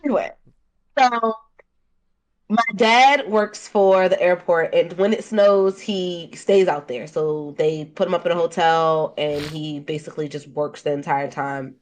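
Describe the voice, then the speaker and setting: A young woman with a Baltimore accent tells a story on a casual podcast. She is animated and laughs often as she talks. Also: low voice, moderate pace. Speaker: podcast co-host.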